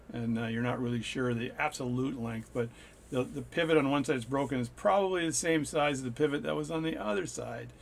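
A man's voice: medium pitch, a little hiss or hum. A man hosting his watch repair channel, chatting casually and jokily at his workbench with plenty of fillers and restarts. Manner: rambling, jokey, with fillers and restarts. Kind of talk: casual workshop talk.

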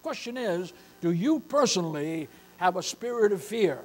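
High-voiced older male pastor preaching. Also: lively intonation, normal speed, low-quality recording. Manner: emphatic, repeatedly addressing listeners as beloved. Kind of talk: sermon.

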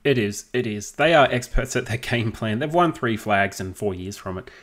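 An Australian man co-hosting a casual podcast, easygoing and quick to laugh while reading listener questions. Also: lowish voice, animated, a bit bright. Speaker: podcast co-host.

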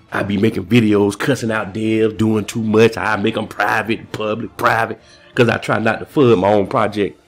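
A man talking casually and excitedly in a rambling vlog, full of slang and shout-outs, a little out of breath. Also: on the low side, husky. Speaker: crypto vlogger.

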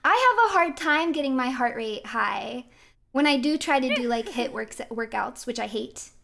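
A woman with a high, bright-pitched voice, chatting casually to her viewers as she plays. She is giggly and playful and laughs often between her thoughts. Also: expressive, moderate pace, vocal fry, noisy background. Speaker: streamer. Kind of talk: casual chat while gaming.

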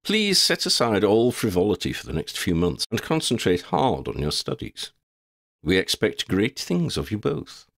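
A man's voice: on the low side, wildly swooping pitch, moderate pace, creaky, fairly bright tone, dry recording, studio quality, full character voice. A man voicing a middle-aged uncle wizard who speaks in a formal, wordy, mock-solemn way.

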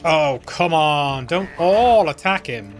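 A man's voice: fairly high pitch, animated, slow pace, soft background music. A man giving casual gameplay commentary, chatty and self-mocking, talking straight to his viewers. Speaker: let's play host.

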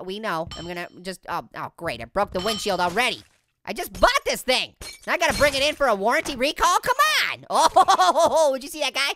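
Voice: sharp tone, a little hiss or hum. A performer voicing a hyperactive, wisecracking cartoon orange, joking and punning through game commentary. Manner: goofy, punning, giggly, high-energy. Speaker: gaming let's-play host. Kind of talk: let's play game commentary.

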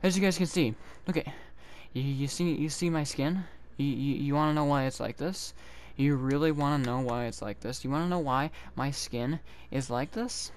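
A man's voice: on the high side, a little mellow. A man venting angrily at his audience over a game, profane and repetitive, stretching out words for emphasis. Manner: furious, profane, repeats himself; slow, drawn-out emphasis. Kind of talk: angry gameplay rant. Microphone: console game-capture commentary mic.

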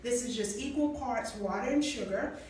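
A woman's voice: a little high, normal speed, a little mellow. A woman chef hosting a cooking demonstration, chatty and encouraging as she talks straight to the viewer. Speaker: chef and host. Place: kitchen at a coffee company. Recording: echoey room, mic far off, background noise.

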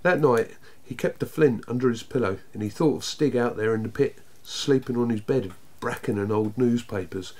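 A man reading a children's book aloud, narrating in an expressive, lively way. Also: medium pitch, moderate pace. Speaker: storyteller.

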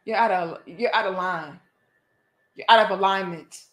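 A woman's voice: medium pitch, normal speed, roomy sound. A woman vlogger giving a preachy, profane opinion monologue to a live audience, full of pointed rhetorical questions.

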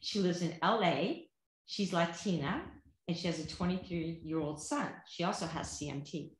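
A woman from Vermont co-hosting a podcast, talking loudly and with animation. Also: on the low side, normal speed. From Vermont, USA. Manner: loud, projecting, animated. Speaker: podcast co-host. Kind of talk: casual chat. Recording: roomy echo.

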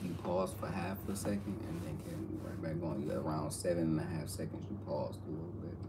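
A man's voice: very deep voice, fairly quick, distant mic, very noisy. A man teasing and mocking his partner in a comedy skit. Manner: teasing, mocking, lively swings.

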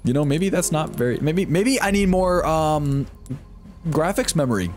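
A man's voice: on the high side, lively intonation, normal speed, soft background music. A young man streaming a game live from home, talking to his chat in a flustered, swearing way. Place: home room with computer.

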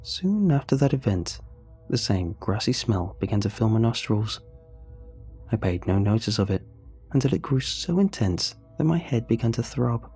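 A man narrates a horror story in a very husky, breathy voice with a dark, mellow tone. His delivery is steady and measured, and faint music plays underneath. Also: mid-range voice.

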